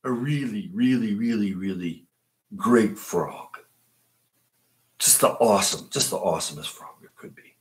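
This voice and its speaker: A man's voice: on the low side, unhurried, close to an everyday voice. A man doing an impression of a boastful older male politician, bragging in repeated superlatives. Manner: repetitive superlatives, showy.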